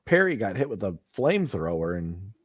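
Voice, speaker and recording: A man co-hosting a casual podcast who tells deadpan jokes and puns. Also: fairly low pitch, moderate pace, breathy edge, no echo, highs cut off. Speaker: podcast co-host.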